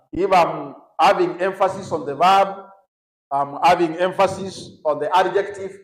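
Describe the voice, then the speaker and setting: A man's voice: fairly high pitch, roomy sound, low-quality recording. A man with a Kenyan accent teaching young people at a conference, often prompting the audience to finish his sentences and slipping in Swahili phrases. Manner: mixes English with Swahili phrases. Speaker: youth conference speaker. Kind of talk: teaching a session to a youth audience. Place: large echoey conference hall.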